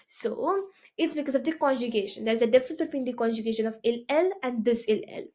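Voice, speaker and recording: A woman's voice: fairly high pitch, fast talker, warm tone. A woman teaching a beginner French lesson, explaining step by step and often checking with "okay?".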